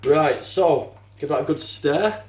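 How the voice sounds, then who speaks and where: Slow-talking older man cooking. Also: a little high, darkish tone. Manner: chatty, casual swearing, mutters while working. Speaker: home cook. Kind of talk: cooking demonstration. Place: home kitchen. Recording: echoey kitchen. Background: clinking dishes and utensils.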